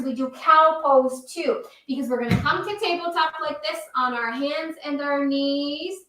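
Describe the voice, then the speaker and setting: A cheerful woman reads a rhyming children's story and guides young listeners through yoga poses. She sounds encouraging and sing-song, with a high voice. Her words echo around the room. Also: bright, forceful tone, distant mic. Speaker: kids' yoga teacher and storyteller.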